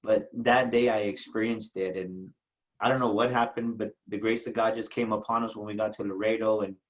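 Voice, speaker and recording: A middle-aged man from South Texas, an entrepreneur guest telling a personal story in an interview, halting and repeating words as emotion rises. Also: on the low side, level tone, poor audio.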